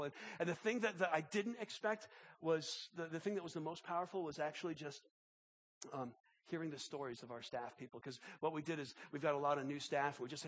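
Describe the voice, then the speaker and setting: A man preaching a sermon as pastor, impassioned and halting, often repeating words as he builds. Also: on the high side, fairly even intonation, a bit bright.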